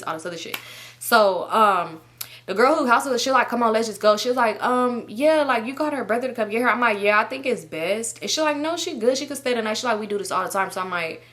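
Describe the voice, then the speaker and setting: A young woman vlogger casually telling a story, swearing freely and jumping into high-pitched voices when she quotes people. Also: bright, forceful tone.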